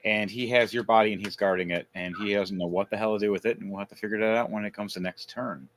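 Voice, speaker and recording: A man narrating a tabletop game as game master, lively and building up each scene. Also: fairly low pitch, fast talker.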